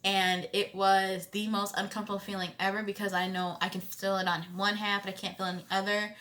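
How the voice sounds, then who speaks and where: A young woman with a bright, forward tone tells a personal story straight to her viewers. She talks in an animated, conversational way, often checking in with "you know what I'm saying," and now and then jumps into loud emphatic bursts. Her pitch sits right in the middle for a woman. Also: brisk. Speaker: vlogger. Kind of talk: storytime vlog.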